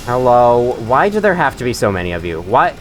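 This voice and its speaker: A man's voice: mid-range voice, big pitch swings, a little fast, slight background noise. A man chatting through his own gameplay as host of a let's play, joking and often laughing. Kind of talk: gaming commentary.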